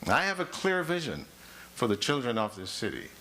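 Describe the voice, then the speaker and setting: A man's voice: mid-range voice, sing-song, moderate pace, sharp tone, a little hiss or hum. A man running for mayor, giving a rousing debate opening statement that builds through repeated phrases. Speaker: mayoral candidate. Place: public forum hall.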